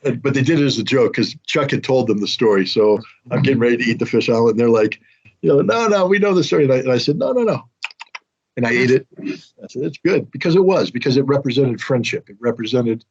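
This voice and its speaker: American man, middle-aged, casual storyteller, husky voice, muffled recording. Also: mid-range voice, fast, darkish tone. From United States. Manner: anecdotal, self-mocking, acts out quotes. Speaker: guest telling a story. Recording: dull lo-fi audio.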